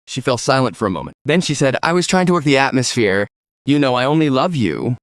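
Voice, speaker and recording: A man's voice: medium pitch, very animated, a little fast, no room sound. A man narrating a first-person story recap, reading every character's lines in his own voice.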